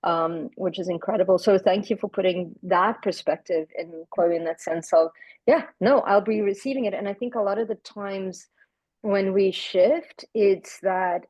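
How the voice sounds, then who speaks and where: A woman from the United Kingdom chatting on a podcast about spiritual work, animated and reflective, often repeating words as she talks. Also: on the low side, unhurried, dry recording, muffled recording. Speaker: podcast guest, spiritual practitioner. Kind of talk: casual podcast conversation.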